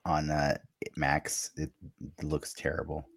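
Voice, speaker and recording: A man co-hosting a casual podcast chat, talking in an animated way with frequent fillers. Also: extremely low pitch, slow pace, gravelly. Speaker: podcast co-host.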